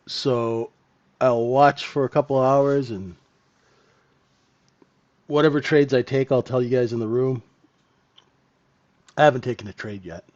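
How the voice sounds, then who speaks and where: Man, live trading commentary, casual thinking aloud, dull lo-fi audio, mid pitch. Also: fairly even intonation, unhurried, pauses often, a little mellow, dry recording. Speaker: futures trading room host.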